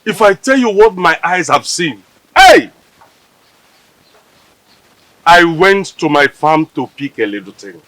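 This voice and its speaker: An anxious Nigerian village elder. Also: male voice, on the high side, lively intonation, normal speed, fairly bright tone, no echo, low-quality recording. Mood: alarmed. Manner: exclaiming, anxious, dramatic. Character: worried village elder, a titled chief. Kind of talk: Nigerian film drama.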